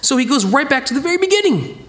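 Animated preacher, high lively voice. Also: male voice, fast talker. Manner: animated, conversational preaching with acted-out quotes. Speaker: pastor teaching a Bible study. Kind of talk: sermon.

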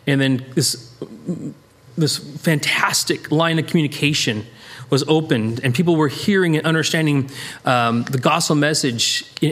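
Animated man teaching a Bible study. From United States. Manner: animated, rambling, self-interrupting, jumps in pitch for emphasis.

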